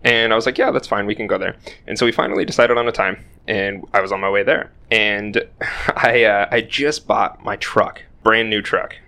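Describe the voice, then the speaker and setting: Young man, casual podcast storyteller, rambling and self-deprecating, low and bright voice. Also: steady tone, moderate pace, creaky. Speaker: podcast co-host.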